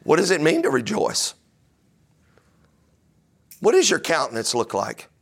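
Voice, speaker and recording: Pastor guy, pretty high voice, preaching hard, keeps asking the room questions. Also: huge pitch swings, unhurried, vocal fry, fairly bright tone. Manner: emphatic preaching with rhetorical questions. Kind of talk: sermon.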